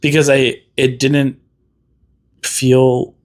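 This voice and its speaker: A man guesting on a podcast, chatting casually, animated and joking. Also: medium pitch, very slow. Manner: animated, jokey, trails off mid-sentence. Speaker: guest, café owner. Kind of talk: casual chat.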